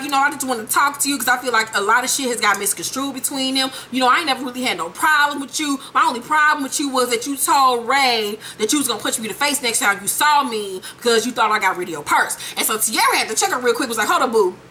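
A woman's voice: high voice, lively intonation, fast talker, few pauses, sharp tone, slight background noise. A woman hosting a casual gossip recap of a reality show, profane and sassy, acting out the voices of the people in it.

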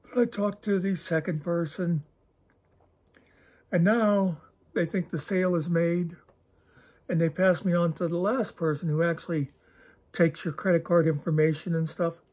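A man with a mellow, slightly husky voice talks straight to camera as the host of his own channel. He rambles from one thought to the next, wry and self-deprecating, often losing his thread and then picking it back up. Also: on the high side, fairly even intonation, moderate pace, long pauses. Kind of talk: casual rambling monologue.

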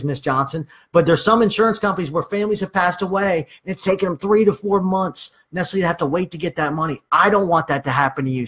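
A man's voice: high-pitched, fairly bright tone. A man giving casual sales training, acting out conversations with clients and using many fillers.

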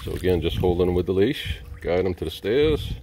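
A man training dogs in a pool, explaining what he does and coaxing the dogs with high, sing-song praise. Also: animated, brisk, heavy background noise. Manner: coaxing, high-pitched baby talk to dogs. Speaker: dog trainer. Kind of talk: casual vlog narration. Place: outdoor pool, in the water.

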